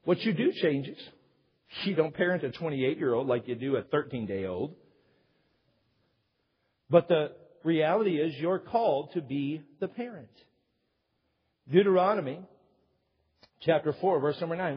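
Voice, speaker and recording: A man's voice: fairly high pitch, expressive, moderate pace, pauses often, breathy edge. A middle-aged man preaching a sermon to a church congregation, telling a funny story with self-mocking humor and then building to emphatic points. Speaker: pastor. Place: church sanctuary. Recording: hall reverb, dull lo-fi sound.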